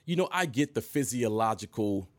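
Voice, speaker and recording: A man in his thirties casually telling an animated story to camera, laughing and jumping high when he quotes himself. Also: moderate pace, dry recording. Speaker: vlogger.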